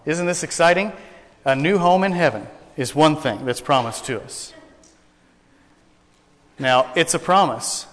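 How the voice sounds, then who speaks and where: A man's voice: on the high side, unhurried, pauses often, fairly bright tone, long reverb tail. A man preaching a sermon to a congregation, folksy and joking, telling jokes as he goes. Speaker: pastor. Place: church sanctuary.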